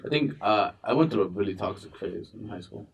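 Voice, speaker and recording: A man's voice: lowish voice, expressive, a little fast, gravelly, breathy edge. Young man, casual podcast chat, rambling, swearing, far from the mic. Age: young adult. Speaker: podcast co-host.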